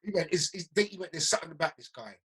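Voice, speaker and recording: Husky bright-voiced storyteller man. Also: on the high side, quick pace, rough recording. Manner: lively storyteller, acts out quotes, repeats himself. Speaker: interviewer, DJ. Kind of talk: casual conversation.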